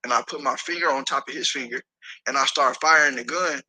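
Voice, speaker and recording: A man telling a story as an interview guest, animated and profane, acting out the voices of the people in it. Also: medium pitch, a little fast, poor audio.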